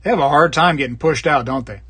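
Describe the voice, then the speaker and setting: A man's voice: quick pace, pushed and bright, husky, no echo. A man hosting a live stream, casually rambling and joking as he reads viewer comments. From Florida. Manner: rambling, jokey, puts on squeaky voices for bits. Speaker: live stream host reading chat.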